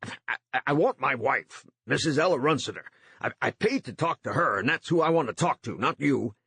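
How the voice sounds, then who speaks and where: A man's voice: lowish voice, sing-song, moderate pace, fairly bright tone, breathy edge, dry recording, heavily acted. A man playing an anxious businessman. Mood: panicked. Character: worried middle-aged male business owner.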